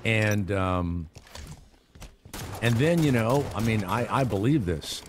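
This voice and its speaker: Rambling, sarcastic radio host. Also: male voice, on the low side, animated, slow, background noise. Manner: rambling, sarcastic, lots of restarts and asides. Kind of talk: morning radio talk.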